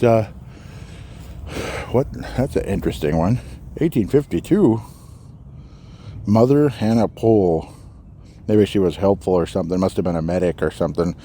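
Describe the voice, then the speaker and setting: A man's voice: deep voice, dark tone, a little hiss or hum. Slightly breathless man musing outdoors. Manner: musing, halting, reads out names and dates. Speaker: podcast host. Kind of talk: walking tour commentary. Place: outdoors in a cemetery.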